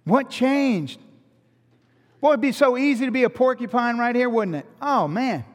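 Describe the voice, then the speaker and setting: High-voiced preacher in a reverberant hall. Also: male voice, moderate pace. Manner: animated, rhetorical questions, joking asides. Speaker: pastor. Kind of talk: sermon.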